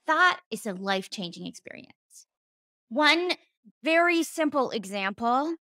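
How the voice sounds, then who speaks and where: A woman's voice: fairly high pitch, a bit bright, dry recording, studio quality. A woman hosting a podcast, a former therapist speaking in an earnest, emphatic reflective monologue, stressing points by repeating words and sometimes laughing or swearing casually.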